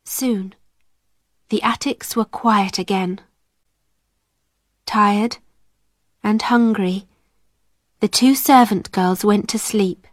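Slow, careful woman storybook narrator. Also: on the high side, dry recording, studio quality. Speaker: audiobook narrator. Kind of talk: graded-reader storybook narration.

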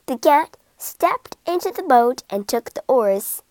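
A woman reads a children's story in a high, lively voice that rises and falls a great deal. She takes her time over each line, and the close, dry sound leaves no trace of the room. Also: dry recording. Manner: slow, expressive reading. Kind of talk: scripted children's story narration.

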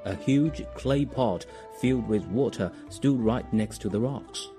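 A man narrating a children's story in an expressive storytelling manner. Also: medium pitch, a little slow. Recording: music behind.

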